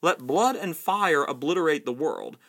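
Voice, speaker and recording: A man's voice: a little high, lively intonation, normal speed, sharp tone. A man doing a shrieking, furious young prince. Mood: raging. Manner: shrieking, ranting. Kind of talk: reading a novel aloud.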